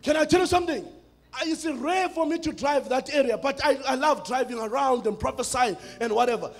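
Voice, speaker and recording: A man from South Africa with a South African accent preaching a sermon, with rhythmic, half-sung, shouted phrases. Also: very high voice, fairly quick, faint music behind.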